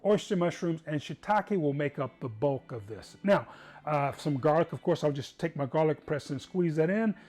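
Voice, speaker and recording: A man's voice: a little high, expressive, normal speed, a little mellow. Upbeat, chatty man hosting a cooking show. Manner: chatty, upbeat, rambling asides. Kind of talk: casual cooking demonstration.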